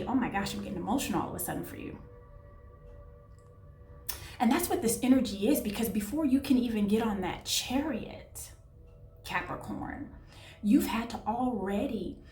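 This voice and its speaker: A woman giving a casual tarot reading, chatty and affectionate, often searching for words. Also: a little high. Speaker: tarot reader. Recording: echoey room, voice a bit far from mic, soft music behind.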